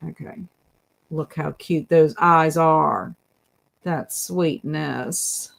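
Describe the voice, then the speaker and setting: Slow, low-voiced woman livestream host. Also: creaky. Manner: chatty, reads viewer comments aloud, laughs often. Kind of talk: casual livestream chat.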